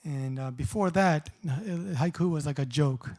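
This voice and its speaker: A middle-aged man giving a poetry reading at a live event, reading short poems and explaining them in a casual, halting way. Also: on the high side, a little mellow. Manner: halting, many restarts and fillers when explaining.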